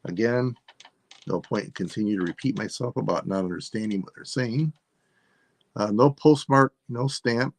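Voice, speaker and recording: A man selling items on a live stream, thinking aloud in a rambling, unhurried way as he describes each piece. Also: lowish voice. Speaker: online seller. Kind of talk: live-stream sales chat.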